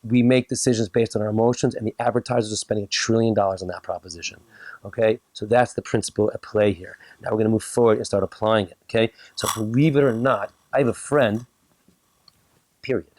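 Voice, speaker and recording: A man's voice: fairly low pitch, fairly even intonation, quick pace, a little mellow. A man, a rabbi, giving a humorous lecture to a live audience, joking and acting out little dialogues.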